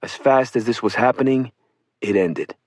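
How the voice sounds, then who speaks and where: A man giving a steady first-person reading of a witness account for an audiobook. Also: medium pitch, normal speed, slightly rough, no room sound. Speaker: audiobook reader.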